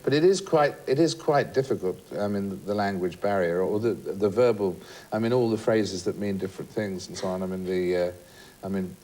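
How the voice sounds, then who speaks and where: A man, a chat show guest, telling anecdotes in a rambling way with halting restarts and laughs. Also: low voice, warm tone, soft background music.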